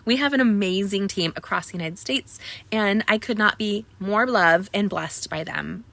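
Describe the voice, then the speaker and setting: A woman hosting a casual card making tutorial, chatty and rambling with lots of ums, pitching offers to viewers. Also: normal speed, a bit bright. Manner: upbeat sales pitch to viewers. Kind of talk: casual live craft tutorial.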